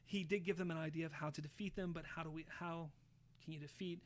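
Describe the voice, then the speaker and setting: A man hosting a podcast, casually retelling a show's plot with lively, swear-laden storytelling. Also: fairly high pitch, fast talker. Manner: animated storyteller, swears freely, acts out quotes. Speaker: podcast host.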